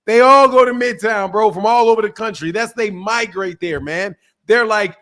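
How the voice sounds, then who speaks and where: An American podcast host in a heated casual debate, loud, profane and mocking. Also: male voice, high-pitched, moderate pace, hardly any pauses. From United States.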